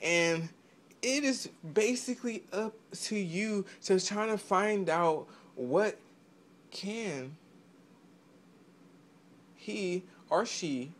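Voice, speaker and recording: A man ranting in a profane vlog, stammering through restarts and swinging into loud outbursts. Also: high voice, very slow, pauses often. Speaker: vlogger giving selling advice.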